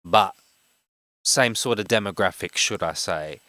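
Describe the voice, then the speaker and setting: A man in his twenties from Australia with a broad Western Sydney accent, a game streamer who talks fast and rambles with many fillers in casual chat. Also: fairly low pitch, pushed and bright, no room sound. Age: 20s.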